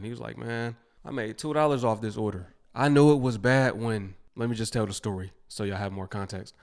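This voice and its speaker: A man casually telling a story in a laid-back, conversational way. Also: on the low side.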